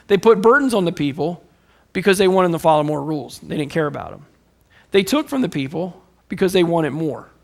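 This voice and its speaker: A male pastor preaching a sermon with animated storytelling, swinging between emphatic points and hushed asides. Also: a little high, vocal fry.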